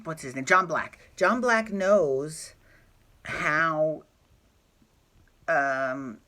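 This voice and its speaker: A man's voice: fairly high pitch, pushed and bright. Chatty gushing man recapping soaps. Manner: chatty and gushing, quick asides and apologies. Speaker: soap opera recap host. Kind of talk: casual chat.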